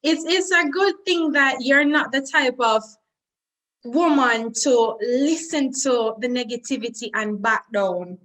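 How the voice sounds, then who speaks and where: A woman's voice: high voice, takes it slowly, fairly bright tone. A woman hosting a casual interview, encouraging her guest with short replies. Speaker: host.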